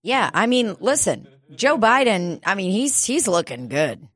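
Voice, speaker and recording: A woman's voice: medium pitch, very animated, a little slow, a bit bright. A woman co-hosting a comedy podcast in loose, laughing chat, swearing freely. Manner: swears a lot, laughs easily. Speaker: podcast co-host.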